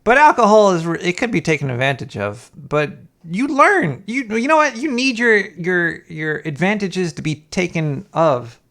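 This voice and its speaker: A man's voice: high-pitched, expressive, normal speed, few pauses, a bit bright. A young man co-hosting a podcast in casual, rambling chat, laughing often and swearing. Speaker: podcast co-host.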